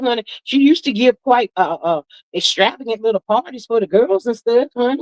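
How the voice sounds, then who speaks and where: A woman's voice: brisk, few pauses, no echo, poor audio. A woman in her sixties hosting a livestream, gossiping in a drawling, chatty way and calling everyone "child" and "honey". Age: 60s. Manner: lively, swoops high for emphasis. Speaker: livestream host. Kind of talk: casual gossip commentary.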